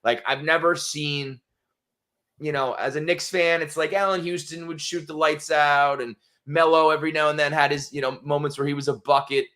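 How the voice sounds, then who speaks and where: A man co-hosting a sports podcast, animated and swearing freely. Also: a little high, moderate pace. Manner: animated, swears freely, voices quotes loudly. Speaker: podcast co-host. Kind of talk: casual sports chat.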